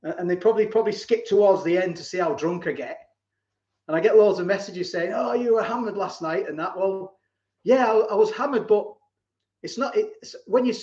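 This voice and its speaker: A man's voice: high-pitched, a little mellow. A man, hosting a casual live stream, reading out viewer comments and laughing often as he reminisces. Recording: roomy, slightly dull live-stream audio.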